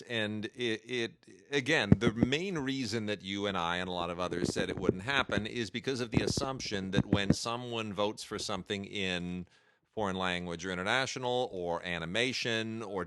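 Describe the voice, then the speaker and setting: Low-voiced man hosting a film podcast. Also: a bit bright, a little hiss or hum. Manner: chatty, halting with fillers. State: recovering from lost voice. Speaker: podcast host. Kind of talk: casual film podcast chat.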